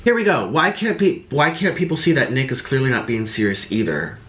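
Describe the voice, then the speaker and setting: A man doing a reaction vlog as a YouTuber, ranting in an exasperated, defensive and sarcastic way, swinging between loud outbursts and muttering. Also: mid-range voice, sing-song, a little fast. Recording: roomy echo.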